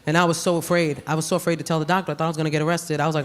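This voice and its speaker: A brash woman with a New York accent working a comedy club crowd on a handheld mic. Her punchlines jump up loud and animated. The live recording carries clear room noise around her. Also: sits low, very fast. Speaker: stand-up comedian. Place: comedy club stage with audience.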